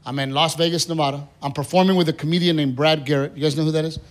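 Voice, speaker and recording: A man performing a stand-up comedy set on stage, telling a story in an animated way and acting out the voices of the people in it. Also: fairly high pitch, racing. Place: comedy theater stage with live audience. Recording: live stage recording with crowd noise. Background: audience laughter and applause.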